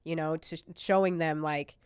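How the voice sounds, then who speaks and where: A woman's voice: sits low, fairly even intonation, moderate pace, a little mellow, clean tone, no echo, studio quality. A woman in her thirties from Montana, a podcast guest talking candidly and chattily about her family, cursing now and then. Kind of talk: casual interview chat.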